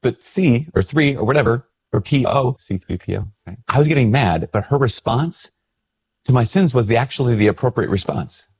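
A man's voice: medium pitch, lively intonation, normal speed, darkish tone, husky. A male priest in a casual, reflective talk to camera, chatty and self-deprecating as he tells a story.

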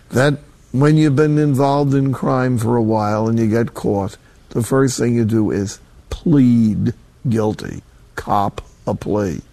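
A man's voice: lowish voice, vocal fry, dark tone, no echo. An older man, a Catholic priest, preaching a sermon in a folksy, emphatic way with colloquial asides.

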